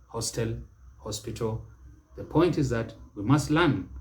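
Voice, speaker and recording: A man with a Kenyan accent and a medium-pitched, slightly mellow voice coaches English pronunciation. He goes slowly and deliberately, emphasizing each word by saying it twice.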